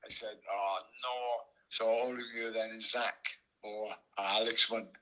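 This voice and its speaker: A man's voice: fairly low pitch, steady tone, a little slow, bright, forceful tone, lo-fi sound. A man with a Welsh accent, a podcast guest telling a rambling anecdote, laughing often and restarting his sentences. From Wales. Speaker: podcast guest, former boxer. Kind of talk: casual storytelling.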